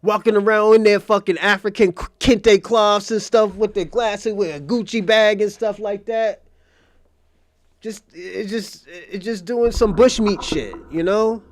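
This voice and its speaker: A man with a high-pitched voice hosts a casual livestream commentary. He argues emphatically, with profanity and repetition. The sound is dry and close, with no room around it. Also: fairly even intonation, a little slow, no room sound. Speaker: host of a commentary channel.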